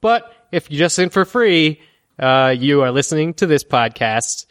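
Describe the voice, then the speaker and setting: A man co-hosting a podcast in casual chat, playful and quick to joke with his co-hosts. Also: fairly high pitch, expressive, fairly bright tone, clear, resonant tone. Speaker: podcast co-host.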